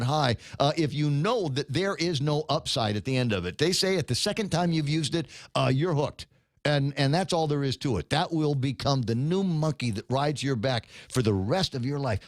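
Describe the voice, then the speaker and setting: A man in his fifties delivers a morning talk-show monologue with a fairly high, very lively voice that swoops up and down. He talks in a rambling, rhetorical way and sounds openly incredulous. The sound is dry and close. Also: no room sound. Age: 50s. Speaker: radio talk show host.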